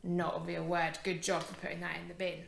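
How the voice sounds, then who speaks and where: Woman, teacher, phonics lesson for kids, encouraging, lower voice, roomy echo. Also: flat delivery, creaky, a little hiss or hum. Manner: encouraging, sounding out words slowly. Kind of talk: phonics lesson for young children.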